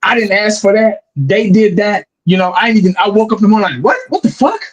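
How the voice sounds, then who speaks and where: A man in his forties, a fan commentator, rambling and animated in a casual podcast chat, acting out what people say to him. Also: high voice, fast, muffled recording. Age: 40s. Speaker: YouTube football fan commentator.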